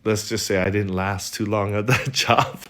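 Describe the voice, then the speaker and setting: A man's voice: fairly low pitch, steady tone, normal speed, fairly bright tone. A man from Hawaii with a Hawaiian accent, telling a wry personal story with laughs along the way. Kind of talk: storytelling monologue.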